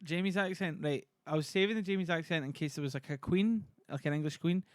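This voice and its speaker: Male streamer, casual and rambling, fairly high-ish voice, dry home room. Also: fast talker, no echo. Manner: chatty, self-deprecating. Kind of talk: casual livestream reading.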